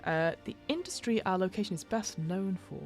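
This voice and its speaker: A woman's voice: mid-range voice, expressive, moderate pace, faint music behind. A British woman hosting a podcast, reading a game rulebook aloud and breaking off into rambling, self-interrupting asides. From United Kingdom. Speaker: podcast host and game master.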